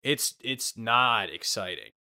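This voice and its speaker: A man's voice: mid-range voice, expressive, takes it slowly, pushed and bright, clear, resonant tone. A young man in casual podcast chat, rambling and profane, acting out comic bits.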